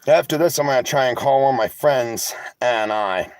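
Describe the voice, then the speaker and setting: A tired, emotional vlogger talks to his viewers from inside a vehicle, rambling candidly, sarcastic and swearing freely while reading the live chat. His voice is medium-pitched and darkish, at normal speed, with no room sound.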